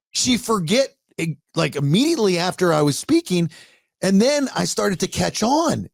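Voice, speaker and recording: A man's voice: high voice, very animated, moderate pace, vocal fry, dry recording, clean studio sound. A middle-aged man hosting a podcast, telling a story with animation and acting out both sides of a conversation. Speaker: podcast host.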